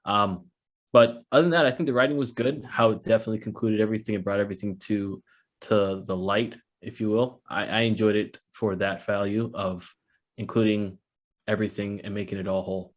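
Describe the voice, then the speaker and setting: Low-voiced man, earnest and measured. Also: steady tone. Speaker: podcast guest. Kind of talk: casual chat.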